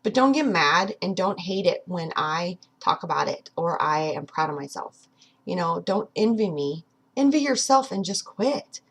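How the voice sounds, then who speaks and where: A woman in her thirties with a slightly husky, breathy voice, talking to her viewers in a personal vlog. She sounds earnest and encouraging, giving a direct pep talk. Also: on the low side, fairly bright tone. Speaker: vlogger.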